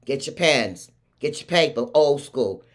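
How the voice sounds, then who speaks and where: With a deep bass voice, animated yet at a measured pace, a Baltimore woman with the local accent kicks off her livestream talk show. She hypes up her audience effusively in this intro.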